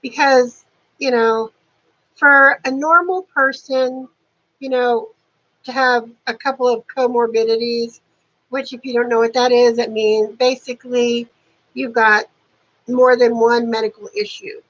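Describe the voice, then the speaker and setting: A woman's voice: a little high, steady tone, a little slow, fairly bright tone, dull audio. A woman in her fifties chatting casually to camera at home, dropping dry sarcastic asides. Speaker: beauty vlogger. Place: warm apartment at home.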